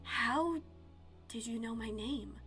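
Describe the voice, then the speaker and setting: Sim: mischievous cat-like forest man, sly and hushed, read by a woman, a touch higher than a typical man. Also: a little slow, soft background music.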